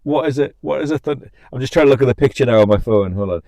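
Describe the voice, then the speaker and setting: A man's voice: mid-range voice, quick pace, warm tone, no room sound. A young man hosting a casual live-stream podcast, laughing often and interrupting himself as he reacts to viewers. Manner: giggly, scattered, self-interrupting.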